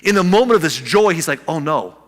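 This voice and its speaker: A man preaching a sermon as pastor, animated, acting out the people in the story with big swings in loudness. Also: high-pitched, fast talker, in a large hall.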